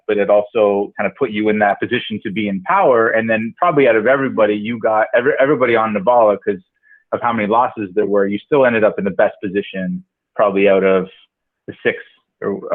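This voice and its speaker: A man hosting a casual podcast, chiming in with quick agreement and questions. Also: lowish voice, steady tone. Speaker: podcast host. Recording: tinny phone-like audio.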